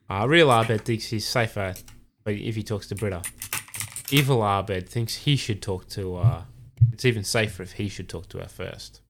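A man's voice: on the low side, normal speed, a bit bright, a little hiss or hum. A man hosting a podcast, casually recapping an episode, with frequent "uh"s and quoted lines. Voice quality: filler-heavy recap with acted quotes. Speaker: podcast host.

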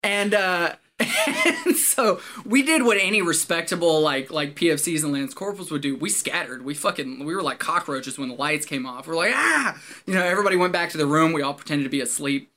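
A former Marine tells a story in casual conversation, animated and swearing freely, laughing often as he goes. His voice is fairly high and his pace a little fast.

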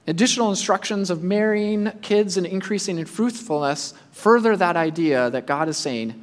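A man preaching a sermon, speaking in an animated way and acting out the imagined voices of his listeners. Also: sits high, moderate pace, hardly any pauses, in a large hall. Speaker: pastor.

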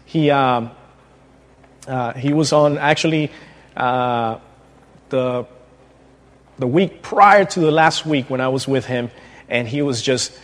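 A male guest preacher opens his sermon in a church, his words trailing into long reverb. He speaks hesitantly, stopping and restarting often. His voice sits at an ordinary pitch for a man. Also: takes it slowly, pauses often. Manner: hesitant, many fillers and restarts. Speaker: guest preacher, pastoral intern. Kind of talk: sermon opening. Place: church sanctuary.

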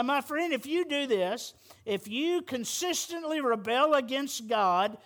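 A man preaching a sermon as pastor, fervent and rising to loud, emphatic peaks. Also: very high voice.

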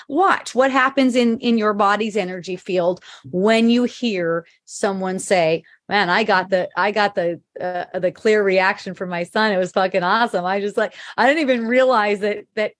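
A woman's voice: mid-range voice, no room sound, studio quality. A middle-aged woman hosting a casual spiritual chat, reading viewer comments aloud, laughing often and swearing freely.

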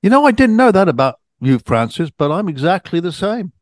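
A man's voice: sits high, very animated, fairly quick, dry recording, clean studio sound. A middle-aged English man co-hosting a podcast, chatting in an easygoing, self-deprecating way. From England. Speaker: podcast co-host. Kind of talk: casual chat.

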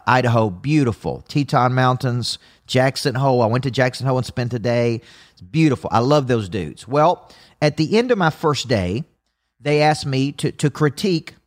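Emphatic middle-aged business coach. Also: male voice, medium pitch. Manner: energetic, emphatic, repetitive phrasing. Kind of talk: motivational livestream talk.

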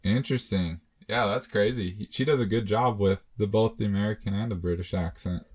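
A laid-back man with a lowish voice, riffing and joking through an easygoing podcast chat. He laughs often and keeps things light. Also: brisk, darkish tone. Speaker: podcast co-host. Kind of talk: casual movie chat.

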